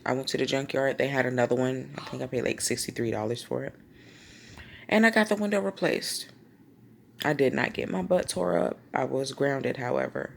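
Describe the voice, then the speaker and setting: Low, gravelly woman telling a story. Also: normal speed, a little hiss or hum. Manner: animated, slangy storytelling with acted-out quotes. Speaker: vlogger. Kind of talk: storytime vlog.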